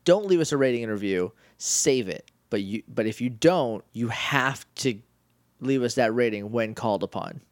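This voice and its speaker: A man's voice: mid-range voice, lively intonation, normal speed, dry recording. Man from new hampshire cohosting a podcast, joking and laughing a lot, dry sound. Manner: joking, laughs often, quotes scenes in put-on voices. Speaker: podcast co-host. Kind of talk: casual chat.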